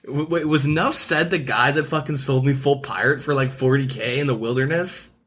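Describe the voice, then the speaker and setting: A man's voice: mid-range voice, fairly even intonation, moderate pace, fairly bright tone, husky. A man co-hosting a podcast in casual chat, laid-back, with short reactions and casual swearing. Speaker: podcast co-host.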